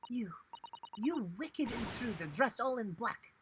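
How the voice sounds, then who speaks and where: A man voicing a stern, accusing older woman, speaking slowly and heavily. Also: very high voice, expressive, noisy background, pitched above the performer's own voice.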